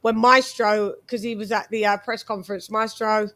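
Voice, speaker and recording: A woman's voice: mid-range voice, moderate pace. A British woman with a British Jamaican accent hosting a casual boxing chat stream, talking animatedly and swearing freely. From Britain. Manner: swears freely, animated, breaks into sung snippets. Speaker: host.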